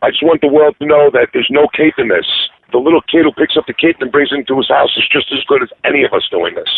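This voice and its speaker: A man's voice: mid-range voice, quick pace, vocal fry, breathy edge, no room sound. A man, talking earnestly and streetwise as a guest, often laughing. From Brooklyn, New York. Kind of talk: casual interview chat. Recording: dry tinny phone-like line.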